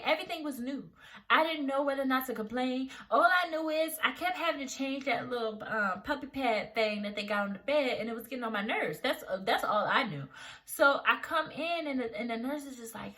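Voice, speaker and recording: Bright-voiced young woman vlogger. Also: high-pitched, normal speed. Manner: animated, acts out quotes. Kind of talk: storytelling vlog.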